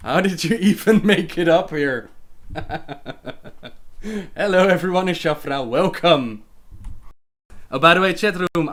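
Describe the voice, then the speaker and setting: A young Dutch man speaking English with his home accent, running a relaxed livestream Q&A. His voice sits a little higher than most men's. He reads out questions from the chat and answers them in an easy, chatty way. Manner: reads viewer questions aloud and answers chattily, with frequent laughs. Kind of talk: casual livestream Q&A.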